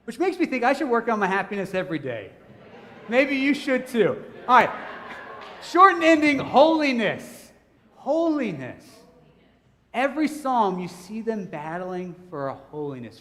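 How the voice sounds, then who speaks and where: A man preaching a sermon, telling a personal story with humor and speaking directly to his congregation. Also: high-pitched. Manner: animated, humorous, chatty storyteller who addresses the congregation. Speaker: pastor. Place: church hall. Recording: long hall reverb, church sanctuary.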